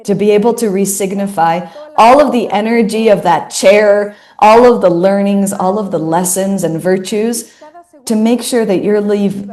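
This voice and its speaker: A woman's voice: medium pitch, dark tone. A woman in her thirties giving an earnest inspirational talk, repeating phrases for emphasis. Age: 30s. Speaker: speaker.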